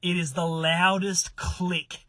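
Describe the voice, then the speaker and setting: Australian male podcast guest, very bright and forceful tone, dry close sound, animated storyteller. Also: sits high, takes it slowly, no echo. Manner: animated, swearing, acts out voices in his story. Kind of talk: casual storytelling.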